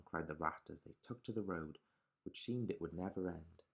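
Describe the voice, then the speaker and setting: A man reading a children's picture book aloud in a lively, sing-song storytelling way. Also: low voice, moderate pace, vocal fry.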